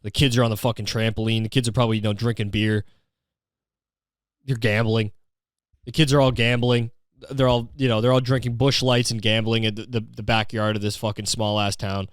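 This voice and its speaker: A man's voice: lowish voice, little pitch movement, a little fast, no echo, clean studio sound. A young man hosting a podcast, ranting in a crude, sarcastic, mocking way and putting on voices for the people he quotes. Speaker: podcast host. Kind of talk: profane comedic podcast rant.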